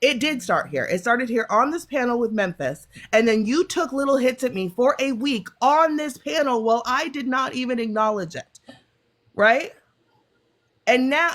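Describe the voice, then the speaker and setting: A woman's voice: sits high, fairly bright tone. A woman with a stuffy cold, arguing insistently on a live panel and repeating herself to cut in. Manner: interrupting, insistent, repeats phrases. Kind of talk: heated live panel argument.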